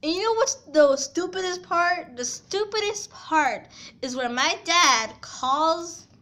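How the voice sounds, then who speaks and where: A young woman in her late teens telling an upset personal story in a rambling casual way, swinging from quiet to loud and angry. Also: very high-pitched, expressive, slow. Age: young adult.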